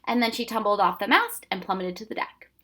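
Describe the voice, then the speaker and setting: A woman reading a children's novel aloud with steady, expressive storytelling. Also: mid-range voice, brisk. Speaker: storybook reader.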